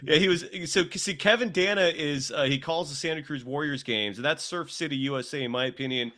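Male co-host, slightly higher pitch, easygoing, quick asides, laughs a lot. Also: pushed and bright. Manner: laid-back, quick asides, laughs often. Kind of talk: casual sports podcast chat.

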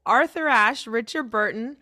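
A woman hosting a casual interview, eager and quick to laugh. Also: on the high side, bright, forceful tone, dry recording, studio quality. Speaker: host.

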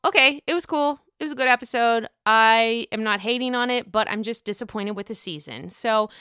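A woman's voice: a little high, a little fast, bright, forceful tone, smooth, no room sound, clean studio sound. A woman casually recapping a reality TV episode in a gossipy, blunt way, swearing freely.

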